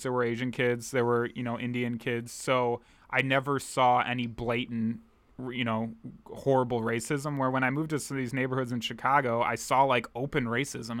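Man, podcast co-host, clear resonant voice, close dry sound, casual and profane. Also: mid-range voice, a bit bright, no room sound. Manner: opinionated, swears freely. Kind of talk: casual political chat.

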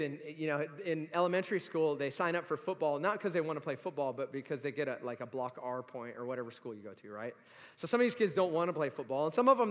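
Male pastor, 40s, high voice, lively sermon storytelling, long hall reverb. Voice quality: high voice that climbs to shouts in stories. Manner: animated storytelling, acts out quoted voices. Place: church sanctuary.

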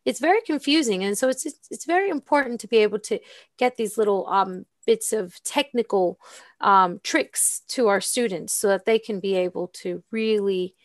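A woman's voice: mid-range voice, normal speed, no echo, clean studio sound. A woman co-hosting a casual talk as an English teacher, explaining fluently with frequent ums.

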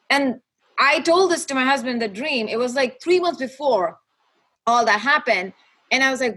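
Earnest, halting woman with higher voice. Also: lively intonation, bright, forceful tone, slightly rough. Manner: halting, with many restarts and fillers; earnest and faith-filled. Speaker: guest sharing her testimony. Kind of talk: emotional personal testimony.

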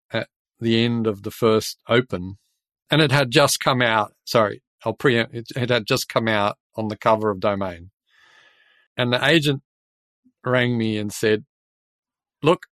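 A man's voice: mid-range voice, a bit bright, no room sound. An Australian man hosting a podcast, telling stories in a chatty way and laughing often. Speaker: podcast host and builder. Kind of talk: casual podcast chat.

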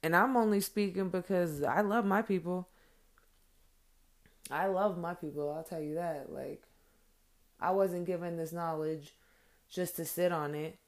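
A woman and mother talking straight to her followers in an earnest, blunt monologue, swearing freely and filling pauses with "like" and "um". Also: on the low side, steady tone. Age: adult with children. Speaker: vlogger addressing followers. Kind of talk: heartfelt direct-to-camera monologue.

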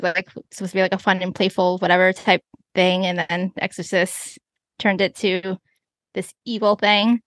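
A woman's voice: mid-range voice, no echo. A woman co-hosting a podcast, talking casually with lots of fillers as she explains things. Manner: relaxed rambling with many fillers. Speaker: podcast co-host. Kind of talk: casual chat.

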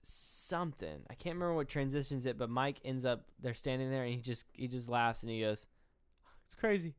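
A man's voice: medium pitch, fairly quick, clear, resonant tone, dry recording, studio quality. Rambling young man retelling a film. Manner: rambling, retells scenes with quoted lines, swears. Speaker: podcast co-host. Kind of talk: casual film review chat.

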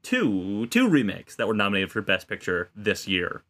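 A man's voice: lowish voice, wildly swooping pitch, moderate pace, a bit bright. A man on a film podcast, chatting casually in a jokey, teasing way. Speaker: podcast panelist. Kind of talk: casual film-review chat.

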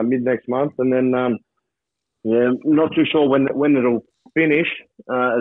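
An Australian man, a rugby league player, chatting as a guest over a call, halting with many restarts. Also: mid-range voice, no echo. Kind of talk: casual interview over a call. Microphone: phone or video call from abroad. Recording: thin phone line, dry.

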